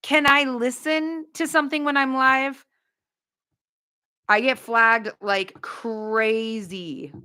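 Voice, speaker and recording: A woman hosting a casual livestream, chatting bluntly with viewers, with quick asides and no filter. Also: a little high, pushed and bright. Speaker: livestream host.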